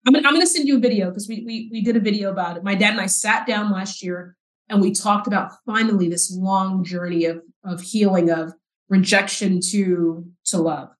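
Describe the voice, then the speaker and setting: A woman in her forties from South Texas, a podcast guest telling her personal story in an earnest, halting way with repeated words. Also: mid-range voice. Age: 40s. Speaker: podcast guest, nonprofit CEO. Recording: roomy echo.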